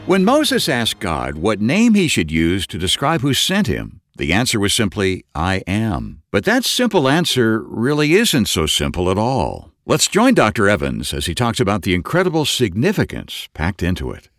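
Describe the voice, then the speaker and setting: A man announcing a religious radio program in a smooth, scripted delivery. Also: lowish voice, huge pitch swings, moderate pace, hardly any pauses, a bit bright, no echo, studio quality. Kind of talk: scripted broadcast narration.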